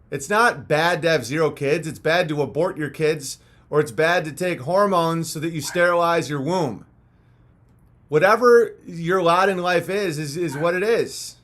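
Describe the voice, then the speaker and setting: Male streamer, slightly high voice, crude jokey rambling, tired after hours on air. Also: fairly bright tone. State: a little punch-drunk after hours of talking. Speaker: live-stream host. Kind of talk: casual live-stream chat, reading viewer messages.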